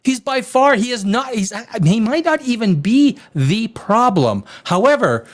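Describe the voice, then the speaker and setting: A man hosting a rowdy live stream, loud and rambling, swearing and reading chat comments aloud, a little tipsy from wine. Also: very high-pitched, normal speed. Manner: animated, swings between shouting and muttering. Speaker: live show host.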